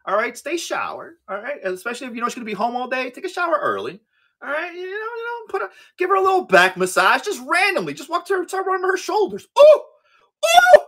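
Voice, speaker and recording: A man hosting a casual livestream, joking crudely, laughing often and repeating words in quick bursts. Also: very high voice, very animated, bright, forceful tone. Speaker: livestream seller host.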